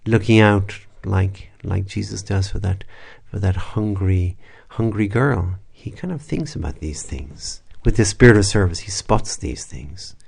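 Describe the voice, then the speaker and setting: A man, a priest, leading a spoken prayer meditation in a reflective, unhurried way, with soft asides and restarts. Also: deep voice, creaky, breathy edge.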